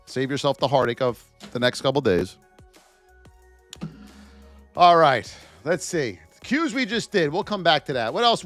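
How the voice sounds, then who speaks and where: An excitable man runs a live market-commentary stream, bouncing between joking with viewers and reading off price levels. His voice sits high and swings widely in pitch, and the recording is close and dry. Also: dry recording. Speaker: trading educator.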